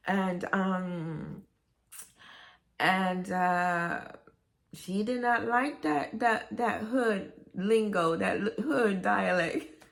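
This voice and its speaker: A woman's voice: mid-range voice, takes it slowly, vocal fry. A middle-aged woman, telling rambling, nostalgic stories in a casual vlog. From Brooklyn, New York. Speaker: vlogger.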